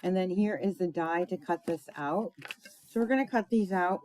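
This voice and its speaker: A woman's voice: on the low side, expressive, normal speed, slight background noise, low-quality recording. A woman giving a casual live craft demonstration, chatty and thinking aloud, talking to her viewers with fillers and asides.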